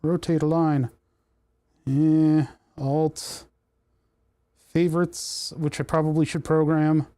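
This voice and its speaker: Man, livestream host, rambling self-talk, somewhat high voice, dry close sound. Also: little pitch movement, slow pace, pauses often, mellow, clean tone, no room sound. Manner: rambling, talks to himself while fiddling with menus. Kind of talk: casual livestream chat while working. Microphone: desk microphone.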